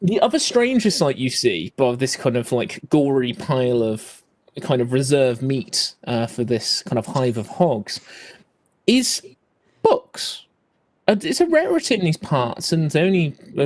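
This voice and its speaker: A man's voice: mid-range voice, big pitch swings, moderate pace. A man narrating a tabletop game as game master, hesitant with many fillers.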